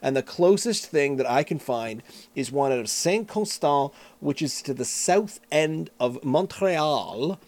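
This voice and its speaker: A middle-aged man from Canada co-hosting a casual beer-tasting chat, animated and self-deprecating, with vivid comparisons. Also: on the high side, a little slow. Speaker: podcast co-host reviewing beers.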